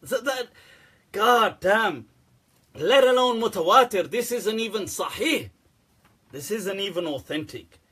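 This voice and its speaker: A man holds forth in a casual, sarcastic rant, breaking into laughter and swearing freely. His voice sits high and has a husky edge. He talks loosely and bluntly. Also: expressive, unhurried, long pauses, sharp tone. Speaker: Islamic scholar answering questions. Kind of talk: casual ranting commentary.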